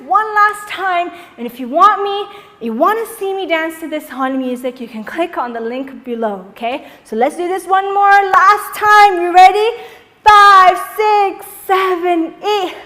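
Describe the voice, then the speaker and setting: A young woman teaching a dance tutorial, energetic and encouraging, counting the beats aloud in a dance studio. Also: extremely high pitch, normal speed, long reverb tail. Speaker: dance instructor.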